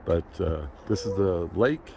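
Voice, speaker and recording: Older guy filming a park walk, low voice, huffing and puffing, chatty. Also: expressive, a little slow, very noisy. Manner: chatty, panting between phrases, apologetic, laughs often. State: out of breath. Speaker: vlogger. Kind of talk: casual walking vlog. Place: outdoor park trail by a lake.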